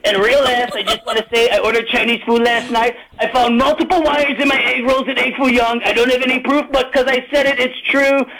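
A man with a Chicago accent calling in to a sports show, rambling fast from one topic to the next. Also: very high-pitched, steady tone, gravelly, a crowd in the background, rough recording. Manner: rapid, rambling, jumps between topics. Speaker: caller. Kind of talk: call-in chat.

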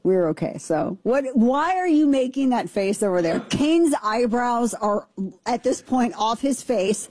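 Casual chat, middle-aged woman from missouri, dark husky voice, talks animated and laughs a lot. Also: a little high, a little slow, dry recording. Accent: Southern Missouri. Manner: chatty storyteller, animated and laughing. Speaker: talk show co-host.

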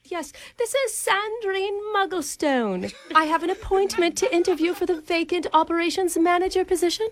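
Woman putting on a plummy British accent, high voice, hammy and giggly. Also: sing-song, slow, exaggerated voice. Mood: haughty. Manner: hammy, giggling through the bit. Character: woman faking posh British job applicant.

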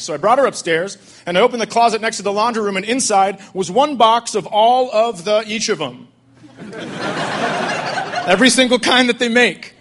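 A middle-aged man telling stand-up stories about fatherhood in a deadpan, conversational way. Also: high-pitched, fairly quick, background noise. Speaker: stand-up comedian. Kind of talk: stand-up storytelling.

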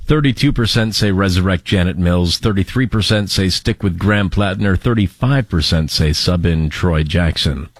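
Deep-voiced guy co-hosting, laid back, kinda hesitant, dry close mic. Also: moderate pace, few pauses, no echo. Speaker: co-host and producer. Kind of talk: casual talk show banter.

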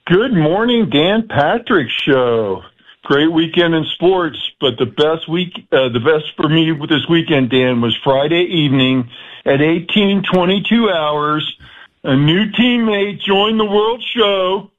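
A man's voice: on the high side, lively intonation, slow pace. A man calling a sports radio show, proudly and cheerfully sharing personal news. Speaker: caller. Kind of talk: phone-in call. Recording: phone line.

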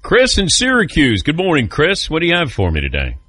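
A man hosting a sports talk radio show, brisk and conversational with callers and guests. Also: fairly high pitch, huge pitch swings, bright, forceful tone, husky, no room sound.

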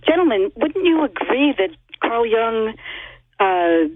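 An eager woman from Northern California calls in to a radio show and chats quickly, laughing between points. The call comes through a thin, phone-like line that is dry and slightly breathy. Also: fairly high pitch, very animated, dry recording. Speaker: caller.

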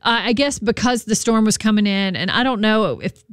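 A woman's voice: mid-range voice, expressive, moderate pace, clean tone, no echo, clean studio sound. A woman co-hosting a morning radio show, chatting in an easygoing, amused way. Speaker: radio co-host. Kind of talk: casual radio banter.

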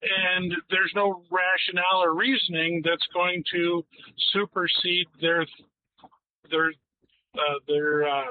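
A male radio caller from the Minneapolis area with a fairly high voice, heard over a tinny phone line. He talks hesitantly, restarting his sentences as he searches for words. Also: little pitch movement, slow pace. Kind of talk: talk radio call-in.

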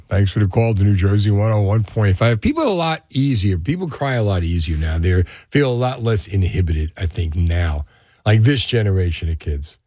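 Mellow, dry-voiced male radio host. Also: sits low, dry recording. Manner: chatty and reflective, drifting into musings. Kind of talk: casual call-in radio talk. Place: radio studio. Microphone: studio microphone.

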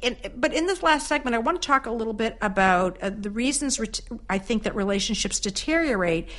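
A woman hosting a podcast interview, chatty and relaxed, with frequent fillers and restarts as she frames her questions. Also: fairly high pitch, fairly quick. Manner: chatty, many fillers and restarts, laughs easily. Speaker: podcast host.

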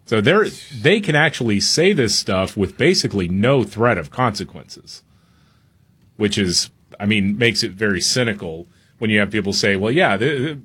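Man, talk radio host, husky, opinionated, casual chat. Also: on the low side, lively intonation, moderate pace, fairly bright tone.

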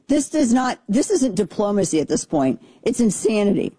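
A woman's voice: mid-range voice, sing-song, normal speed, few pauses, dark tone, breathy edge, no echo. A woman hosting a political talk show, giving opinionated commentary in a brash, sarcastic, rambling way with many restarts.

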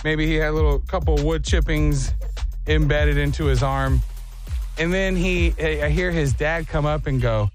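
A man hosting a morning radio show, telling stories in an animated way and mimicking other people's voices. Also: a little high, moderate pace, no echo, soft background music. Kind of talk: casual morning radio chat.

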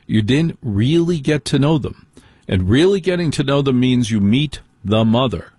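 A man's voice: mid-range voice, lively intonation, normal speed, a little mellow, husky, dry recording, studio quality. A man hosting a call-in radio show, giving opinionated dating advice with playful asides. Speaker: radio host.

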